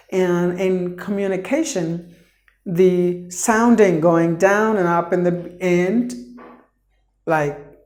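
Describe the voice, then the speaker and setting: A male English teacher gives a pronunciation lesson at an unhurried pace, sounding each word out syllable by syllable and repeating it for emphasis. His tone is mellow and dark, and the voice rings in a roomy, echoey space. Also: high-pitched. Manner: slow, deliberate, breaks words into syllables; repeats words for emphasis, many fillers.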